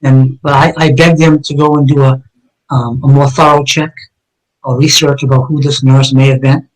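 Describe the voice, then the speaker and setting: A man's voice: mid-range voice, level tone, normal speed, low-quality recording. Earnest middle-aged man telling his story. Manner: earnest, vivid storyteller who acts out dialogue. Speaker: retired police detective, guest. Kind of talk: personal story told in a live interview.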